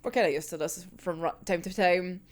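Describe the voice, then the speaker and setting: A woman hosting a casual manga reaction, ranting excitably, swearing often and laughing a lot. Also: fairly low pitch, a little fast. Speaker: manga reviewer.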